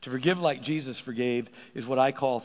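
A man preaching a sermon as pastor, animated and quick to repeat words as he starts a thought. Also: medium pitch. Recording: long hall reverb.

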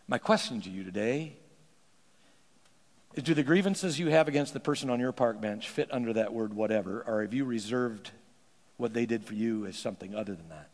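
A man preaching a sermon as pastor, animated and quick to repeat words as he starts a thought. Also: mid-range voice. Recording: long hall reverb.

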